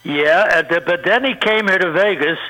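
A man's voice: high-pitched, normal speed, sharp tone, soft background music, low-quality recording. An older man, a comedian being interviewed, telling rambling anecdotes and laughing at his own punchlines. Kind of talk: anecdotal storytelling.

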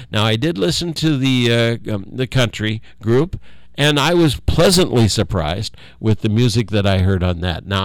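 Older man, low voice, folksy rambling talk, lots of uh and um, dry close sound. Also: clear, resonant tone, dry recording. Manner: folksy, halting, many fillers, chuckles often. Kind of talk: rambling casual monologue.

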